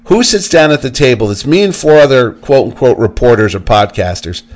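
A man's voice: medium pitch, fairly quick. A man co-hosting a podcast, telling a story in casual chat and acting out the people in it. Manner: animated storyteller acting out quotes. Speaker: podcast co-host.

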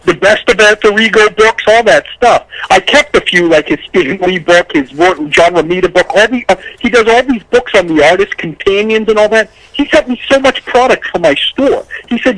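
Casting: high-pitched man, rambling, stumbling over words, heartfelt casual chat. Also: lively intonation, moderate pace, hardly any pauses, fairly bright tone, no room sound, poor audio. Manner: rambling, repeats words, gets emotional. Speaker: podcast co-host, agent.

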